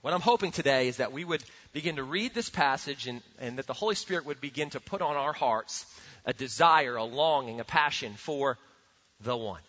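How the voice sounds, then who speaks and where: A man preaching a sermon as a pastor, earnest and animated, often repeating words as he builds a point. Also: medium pitch, moderate pace. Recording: dull sound with long hall reverb.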